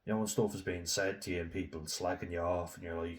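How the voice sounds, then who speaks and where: A young man with a very low, deep voice speaks in a candid personal vlog. He is frank and reflective, swears freely, and leans on "you know" and "like" as he thinks aloud. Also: little pitch movement, a little fast. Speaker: vlogger.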